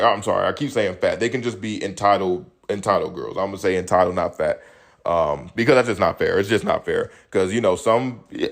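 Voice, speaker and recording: A young man hosts a casual solo podcast with a fairly low-pitched voice. He talks loosely and profanely, breaking into animated storytelling and laughter. His tone is informal and conversational. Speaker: podcast host.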